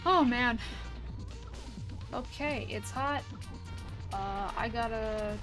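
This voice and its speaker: An American woman chatting casually with a co-host during a game stream, soft-spoken with hesitant restarts. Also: a little high, extremely slow, soft background music. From United States.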